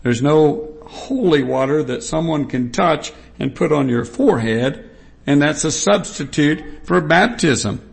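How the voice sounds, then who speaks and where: Man, preacher, sermon, very slow delivery, gravelly voice, emphatic repetition. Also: on the high side, expressive. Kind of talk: sermon with scripture reading.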